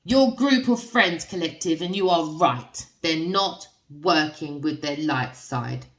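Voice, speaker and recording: A woman giving a casual tarot reading, talking straight to her viewers with lots of tag questions and excited outbursts. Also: low-pitched, slow pace, recorded from a distance, slight background noise. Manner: addresses viewers directly with frequent tag questions; expressive, with sudden gasps and excited outbursts. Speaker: tarot reader. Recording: roomy sound from away from the mic.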